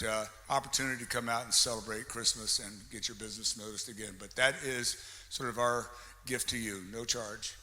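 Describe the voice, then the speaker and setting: A man's voice: medium pitch, sharp tone. A man emceeing a live chamber of commerce meeting, chatty and joking with the crowd as he hands out door prizes and introduces a guest. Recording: reverberant hall with faint background noise.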